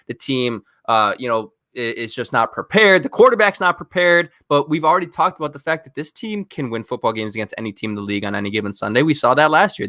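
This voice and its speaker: A man co-hosting a podcast, ranting in an animated, exasperated way during casual chat. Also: mid-range voice, no room sound, clean studio sound. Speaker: podcast co-host.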